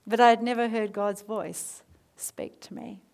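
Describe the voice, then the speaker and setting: A woman preacher in her thirties leading a prayer, then telling her story with lively asides and soft near-whispered moments. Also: mid-range voice, a little slow, vocal fry. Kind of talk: sermon with prayer.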